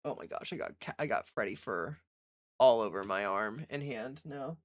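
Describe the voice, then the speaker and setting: A woman's voice: rumbling low, animated, moderate pace. A woman hosting a casual livestream from home, chatting loosely with many "like" fillers and answering viewers' chat. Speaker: livestream host.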